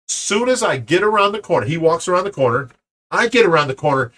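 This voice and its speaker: A man's voice: on the high side, very animated, fast, a bit bright. A middle-aged man from Ohio hosting a fish rescue channel, rambling through a story and acting out both sides of an argument. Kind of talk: casual storytelling to viewers.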